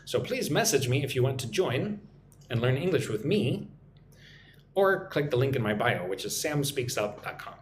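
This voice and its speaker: An American man teaches English live from home, repeating phrases slowly and clearly so learners can follow. His pitch moves a lot and his voice rings in a roomy space. A faint ambient hum sits behind him. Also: big pitch swings. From United States. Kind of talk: live-streamed English lesson.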